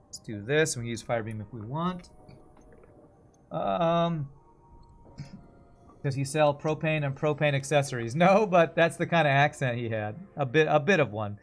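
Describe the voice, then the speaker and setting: A man's voice: fairly high pitch, expressive, normal speed, slight background noise. A man with an East Texas accent chatting casually while playing a game on stream, rambling and reacting to the action. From American South. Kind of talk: casual gameplay commentary.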